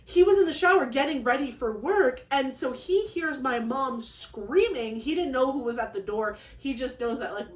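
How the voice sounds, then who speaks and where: A young woman with a fairly high voice tells a long personal story in a casual vlog. She rambles excitedly, full of fillers and quick acted-out quotes. The room around her is echoey. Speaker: craft channel host.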